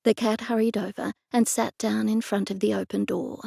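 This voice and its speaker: Gravelly, dry-voiced woman narrating. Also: medium pitch, little pitch movement, moderate pace, warm tone, no echo. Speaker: audiobook narrator. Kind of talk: scripted first-person narration.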